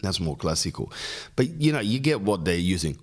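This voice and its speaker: Rambling jokey Australian man, lowish voice. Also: sing-song, fairly quick, very noisy. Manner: rambling, jokey, riffs on lists. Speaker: podcast host. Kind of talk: casual storytelling monologue.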